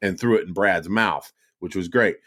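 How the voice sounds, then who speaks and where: A man's voice: sits low, normal speed, fairly bright tone. A middle-aged man hosting a podcast, telling rambling, profane stories in casual chat with plenty of restarts. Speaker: podcast host.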